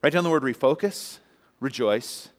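Animated male pastor preaching in a hall. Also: mid-range voice, moderate pace. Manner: animated storyteller, rising to emphatic peaks; asks the congregation to answer and respond. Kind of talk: sermon. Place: church sanctuary. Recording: long church-hall reverb.

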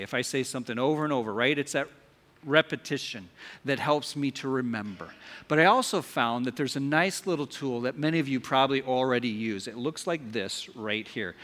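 A man's voice: medium pitch, fairly bright tone. A man preaching a sermon as pastor, asking the congregation questions and leading them in call-and-response. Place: church sanctuary. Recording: live hall with long reverb.

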